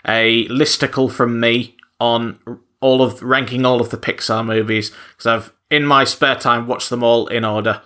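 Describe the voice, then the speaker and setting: A man co-hosting a podcast with a bright, forceful edge to his voice. He teases his co-hosts playfully during easygoing chat. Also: medium pitch, little pitch movement, moderate pace, hardly any pauses. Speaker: podcast co-host.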